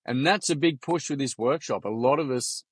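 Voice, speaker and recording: An Australian man appears as a podcast guest and founder of a youth workshop, telling casual stories in a frank, earnest, salty way with casual swearing. His medium-pitched voice has a breathy edge, at a moderate pace in a dry recording.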